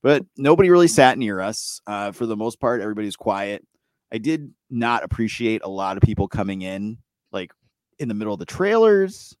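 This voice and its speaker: A middle-aged man with a fairly low voice talks casually as a podcast co-host. He gets heated, swears a lot and laughs between his points. The sound is dry and close. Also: big pitch swings, moderate pace, a little mellow, no room sound. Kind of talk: casual chat.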